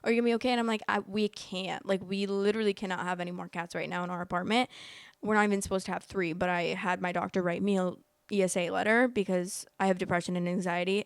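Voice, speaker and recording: A young woman hosts a casual storytelling vlog, her lowish voice carrying a touch of vocal fry. She chats and rambles, dropping "like" constantly, and grows emotional, even teary, as the story unfolds. The recording is clean studio sound with no room ambience.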